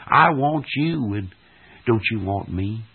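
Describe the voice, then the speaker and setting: A man's voice: lowish voice, expressive, slow, vocal fry, husky, exaggerated voice. A man preacher voicing Jesus, who pleads tenderly to be let into the listener's heart. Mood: imploring. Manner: tender, imploring, then urgent. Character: wounded, loving Jesus knocking at the heart. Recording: tinny old archive recording.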